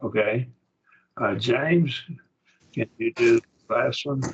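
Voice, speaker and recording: A man's voice: medium pitch, slow, muffled recording, slight background noise. A man teaching a Greek grammar class, explaining patiently and often checking that students follow. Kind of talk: classroom lesson.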